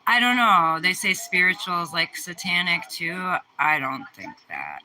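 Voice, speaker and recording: Mellow, slow-talking young Midwestern woman. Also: lowish voice, slight background noise, low-quality recording. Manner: rambling, filler-heavy, relaxed. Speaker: livestream host. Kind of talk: casual livestream chat answering viewer questions.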